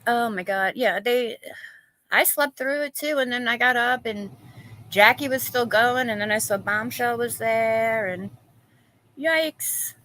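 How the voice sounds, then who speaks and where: A woman's voice: a little high, unhurried, pushed and bright, rough recording. A woman hosting a casual live-stream chat, gossiping, laughing often and reading viewers' comments aloud.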